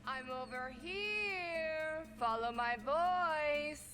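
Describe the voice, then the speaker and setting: An actress playing a taunting, murderous woman villain in a slasher film, delivering deadpan, mocking quips. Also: high-pitched, drawn-out words, full character voice. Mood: luring.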